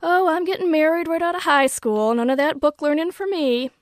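A woman voicing a teenage girl who mocks her friend in an exaggerated put-on Southern accent, high and drawling. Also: a little fast, dry recording, studio quality, natural voice. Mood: mocking. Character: teen girl mocking a syrupy Southern belle.

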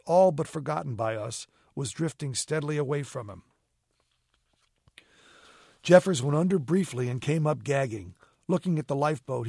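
A man narrating an audiobook with steady, even storytelling. His voice sits at a middle pitch for a man. The recording is close and dry, with no room sound. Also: vocal fry, husky, no room sound. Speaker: audiobook reader. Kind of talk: scripted narration.

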